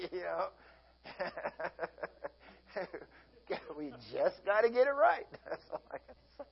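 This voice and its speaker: A man's voice: sits high, very animated, slow, creaky, long pauses, breathy edge, dull audio. A man preaching a sermon as pastor, folksy and often laughing as he acts out everyday scenes.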